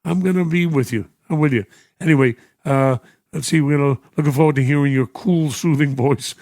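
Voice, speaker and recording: Older radio host, emotional, dry studio sound. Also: male voice, fairly high pitch, a little fast, no echo. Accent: New York. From United States. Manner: warm, emotional, chuckling often. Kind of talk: radio show reading listener messages. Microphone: studio microphone.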